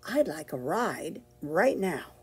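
A woman voicing a small, eager, polite male puppy in a storybook reading, with a squeaky, pleading voice. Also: sing-song, slow pace, husky, exaggerated voice.

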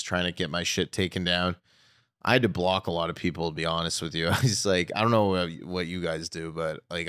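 Comedian guy rambling on a podcast, low and smooth, dry close mic. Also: a bit bright, dry recording. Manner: candid, rambling storytelling with frequent fillers. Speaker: comedian guest. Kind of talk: casual podcast chat.

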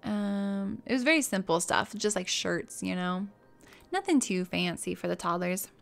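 A woman's voice: mid-range voice, normal speed, creaky. Gushing woman streamer chatting at home. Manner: gushing and chatty, drifting between soft asides and excited squeals. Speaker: game streamer. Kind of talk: casual live-stream chat while playing. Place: her own room at home.

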